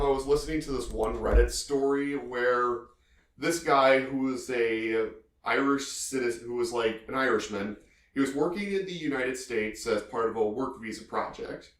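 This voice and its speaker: Male podcast co-host, rambling, lots of "you know", roomy echo. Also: mid-range voice. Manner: rambling, heavy on filler phrases. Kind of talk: casual podcast chat.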